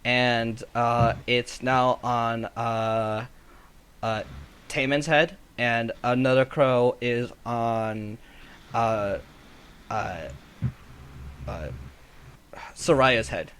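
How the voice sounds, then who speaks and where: Halting, slow-talking male game master. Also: mid-range voice, steady tone, a bit bright, clear, resonant tone. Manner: halting, many fillers, slips into quick character voices. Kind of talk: narrating a tabletop game.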